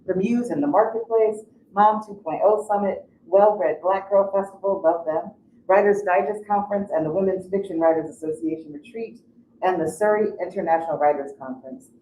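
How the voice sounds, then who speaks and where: A woman moderator in a bookstore reading a guest's bio aloud and adding quick asides. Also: mid-range voice, mellow, slight background noise. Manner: reads bios, ad-libs asides. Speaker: event moderator. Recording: distant voice in an echoey bookstore.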